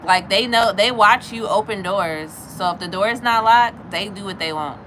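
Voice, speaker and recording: A woman in her thirties tells a story to her viewers in casual chat, animated and quick to act out other people's lines in a high voice. Her tone is bright and crisp. Faint noise hums behind her. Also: poor audio. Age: 30s. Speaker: livestreamer chatting with viewers.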